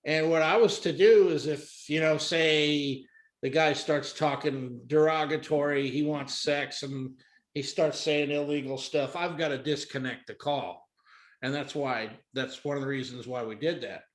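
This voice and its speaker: A man telling a story as a guest comedian, animated and acting out voices. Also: on the high side, measured pace. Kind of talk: casual storytelling. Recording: roomy echo.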